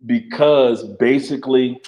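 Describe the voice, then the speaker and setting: A man with an ordinary mid-pitched voice talks in a relaxed chat. He reflects as he speaks and often repeats a word or two before finding his point. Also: slow pace. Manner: reflective, repeats words while gathering thoughts. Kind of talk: casual chat.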